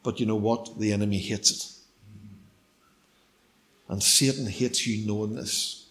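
Man preaching with hushed storytelling. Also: lowish voice, fairly even intonation, measured pace. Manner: storytelling, shifts between loud emphasis and hushed near-whispers. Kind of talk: sermon.

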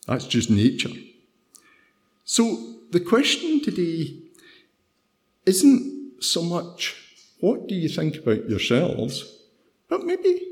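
A man's voice: a little high, gravelly, a little mellow. A middle-aged Scottish man giving an informal devotional talk, chatty and anecdotal, often tagging on "right?". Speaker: preacher.

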